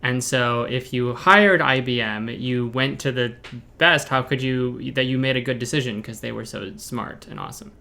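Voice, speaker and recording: A man's voice: mid-range voice, normal speed, creaky, hardly any pauses, pushed and bright. A young man co-hosting a podcast, thinking aloud hesitantly in casual conversation. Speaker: podcast co-host.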